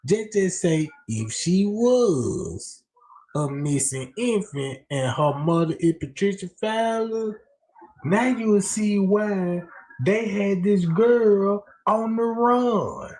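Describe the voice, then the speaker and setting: A man's voice: sits high, expressive, a little mellow, roomy sound. A man hosting a livestream, giving crude, mocking, profane commentary. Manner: mocking, profane, drawn-out delivery. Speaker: livestream host.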